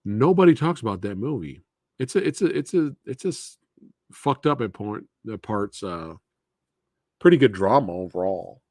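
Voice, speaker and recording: Low-voiced, lively male stream host. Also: normal speed, no room sound, clean studio sound. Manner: laid-back, answering viewers by name. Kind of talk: casual live Q&A chat.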